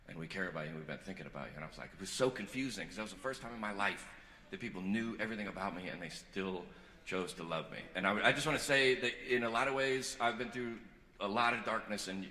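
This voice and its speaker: A male stand-up comedian on stage, telling personal stories, going from earnest confession to loud joking. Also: sits low, a little hiss or hum. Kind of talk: stand-up set. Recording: echoey hall with loud crowd. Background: audience laughter.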